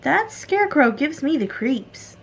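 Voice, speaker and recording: Picture a jittery, fussy grown man from a children's storybook, easily spooked and quick to apologize, read by a woman. His lines rise and fall with a lively lilt, pitched on the higher side. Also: gravelly, full character voice. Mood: uneasy.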